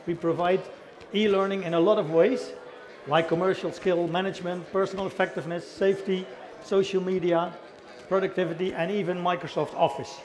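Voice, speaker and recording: A middle-aged man with a Dutch accent presents at a conference in a fairly high voice. He talks in a chatty, self-deprecating way and keeps asking the audience questions. A crowd is clearly heard around him. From the Netherlands. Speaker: company founder giving a conference talk. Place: conference hall.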